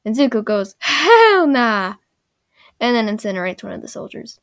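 A woman's voice: medium pitch, steady tone, fast talker, creaky, a little mellow. A woman casually recapping a show episode, full of sarcastic, rambling asides.

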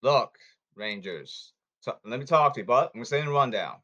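A man's voice: mid-range voice, expressive, fairly quick, bright, forceful tone. A man hosting a sports podcast who talks in a blunt, hectoring way and repeats himself, in a casual commentary monologue.

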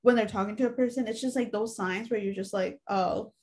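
A woman's voice: medium pitch, fairly even intonation, brisk, a little mellow. A young woman in casual conversation who sounds thoughtful and supportive toward her friend. She pads her thoughts with "you know" and "like" as she works them out. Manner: reflective and supportive, with many "you know" fillers. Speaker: podcast co-host. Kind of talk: casual chat.

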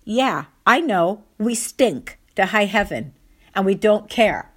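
A woman voicing a mischievous grown woman who teases and bosses people around, loud and playful, in a spoken family story. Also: sits low, big pitch swings, takes it slowly, heavily acted. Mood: brash.

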